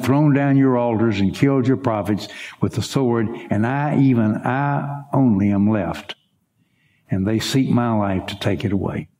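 A man's voice: dark tone, reverberant. A man preaching a sermon, reading scripture dramatically and turning aside to speak to his congregation. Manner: dramatic reading with wide swings in pitch. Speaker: pastor.

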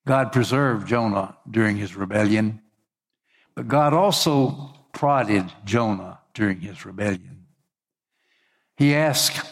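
A man preaching a sermon in an expressive way, his voice climbing when he acts out quoted speech. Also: fairly low pitch, a little slow. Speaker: pastor.

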